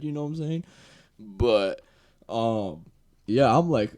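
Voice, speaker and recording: A young man telling a casual story time in a loose, profane way, full of fillers, growing louder as the story heats up. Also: mid-range voice, animated, slow, pauses often. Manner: gets louder and more worked up as the story heats up. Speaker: vlogger.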